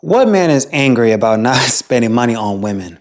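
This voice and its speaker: A man's voice: mid-range voice, sing-song, fairly quick. A man hosting a reaction video, ranting in a crude, scornful way about the clips he plays. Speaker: reaction host. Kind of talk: reaction commentary.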